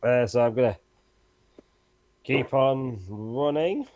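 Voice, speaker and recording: A man's voice: medium pitch, slow pace, a little mellow, no room sound, highs cut off. A man describes his character's attacks in a rambling, playful way, often restarting his sentences. The sound is dry and close, with no room around it. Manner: rambling, self-correcting, playful. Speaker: player. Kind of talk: casual tabletop play.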